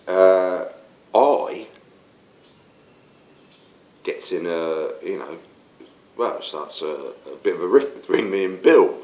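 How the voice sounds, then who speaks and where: An older man, rambling through a casual spoken anecdote with plenty of fillers and restarts. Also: deep voice. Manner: rambling, stop-start, many fillers. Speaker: storyteller. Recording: roomy echo.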